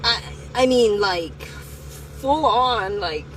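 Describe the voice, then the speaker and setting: A woman telling a personal story to the camera, in a candid and profane way, speaking slowly at first and then getting heated. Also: fairly high pitch, expressive, a little hiss or hum, rough recording. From United States.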